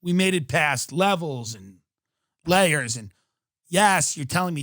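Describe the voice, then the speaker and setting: A man's voice: fairly high pitch, animated, a little slow, fairly bright tone, no room sound, studio quality. A man in his thirties hosting a podcast, ranting sarcastically in a mock-outraged comic style, swearing and acting out quotes. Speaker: podcast host. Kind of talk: comedic rant.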